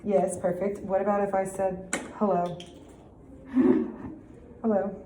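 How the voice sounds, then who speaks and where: A woman's voice: medium pitch, monotone, normal speed, warm tone. Upbeat young woman teaching a reading lesson. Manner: upbeat and encouraging. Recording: echoey room with clear background noise.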